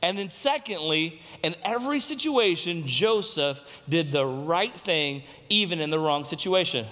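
A man with a fairly high voice delivers a sermon from the pulpit. He asks the congregation questions and repeats his main points for emphasis. His voice carries a long hall reverb from the church sanctuary. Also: lively intonation, a little slow, bright, forceful tone. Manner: preaching with rhetorical questions to the congregation; repeats key lines for emphasis. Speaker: pastor.

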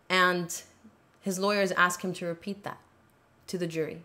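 A woman hosting a casual commentary recap of a court trial, talking in an animated way and acting out the quotes she retells. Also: lowish voice, fairly quick. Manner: animated, acts out quoted lines.

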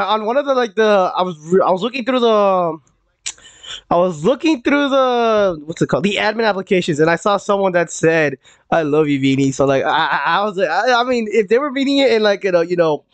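On a live game stream, a young male streamer rambles casually, repeating himself and tripping over words with plenty of "like" and "uh" and frequent restarts. His voice is a little high for a man. The audio is close and dry with no echo or room sound.

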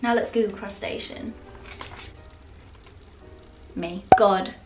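A woman's voice: mid-range voice, fairly even intonation, slow, over loud music. A young woman chatting casually in a home vlog, playful and sarcastic, laughing often as she reads comments aloud. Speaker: YouTuber.

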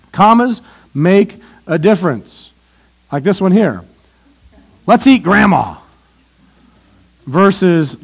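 A male pastor preaching a sermon in a church, animated and often questioning the audience. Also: sits high.

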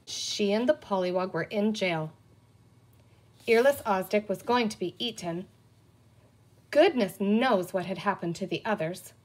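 A woman's voice: medium pitch, measured pace, long pauses. A woman reading a children's book aloud, telling it expressively. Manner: expressive storytelling. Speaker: reader.

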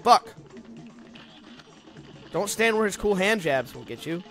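High-voiced joking gamer man. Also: expressive, slow, soft background music. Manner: jokey, rambling, sudden loud outbursts at failures. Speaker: let's play host. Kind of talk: casual gameplay commentary.

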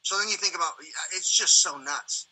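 A man's voice: high-pitched, normal speed, poor audio. A man hosting a livestream in casual rambling chat, swearing often and acting out quoted exchanges. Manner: profane, animated, acts out quoted exchanges. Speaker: livestream host.

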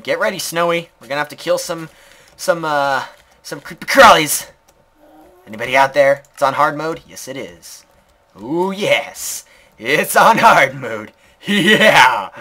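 Man, let's play commentary, bright tense tone, rambling self-talk, sudden shouted outbursts. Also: medium pitch, slight background noise. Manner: rambling, talks to himself and the game, sudden loud outbursts. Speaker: gaming video creator.

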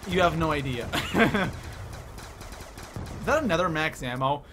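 A young man from Canada hosting a live game stream, excitedly reading the chat out loud. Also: fairly high pitch, unhurried, background noise.

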